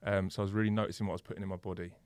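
A young man chats as a podcast guest. He swears freely and tells his stories with lively acted-out bits. His voice is recorded close and dry, with no room sound. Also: deep voice, rapid-fire, smooth, dry recording. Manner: animated storyteller, swears freely, acts out the people in his stories. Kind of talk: casual podcast chat.

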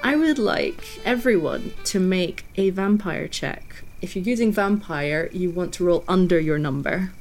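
A woman's voice: lowish voice, animated, unhurried, hardly any pauses, a little mellow, soft background music. A woman narrating as game master of a tabletop game, chatty and laughing as she describes scenes.

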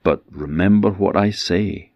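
A gentle fairy queen of old Irish myth speaks soft, earnest warnings, as an Orkney Scottish storyteller voices her. The voice is low and gravelly. It is slow and close in a dry space. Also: no echo, lo-fi sound.

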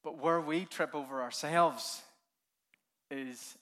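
A man preaching a keynote sermon, telling the story with animated energy, laughing often, sometimes dropping to a hush and then building up with fervor. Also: on the high side, unhurried. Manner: laughs often while speaking. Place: conference hall.

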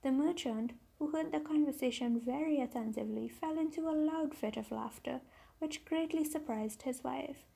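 Husky gravelly woman storyteller. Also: sits high, moderate pace, dark tone, poor audio. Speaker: podcast host, storyteller. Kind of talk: bedtime story reading.

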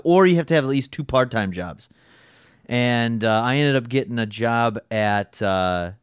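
Here a young man co-hosts a laid-back podcast, his smooth mid-range voice captured in clean studio sound without any room echo. He wanders from point to point about old jobs, swearing a lot and running himself down.

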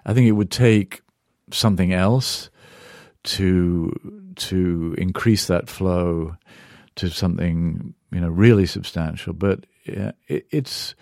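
A man's voice: deep voice, takes it slowly, creaky, a little mellow, no echo, studio quality. A middle-aged Englishman, an author and journalist answering interview questions in a thoughtful way, searching for words and turning emphatic when moved. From England.

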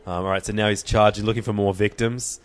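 A man in casual movie commentary chat, animated as he gives a blow-by-blow of the action. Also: lowish voice, quick pace.

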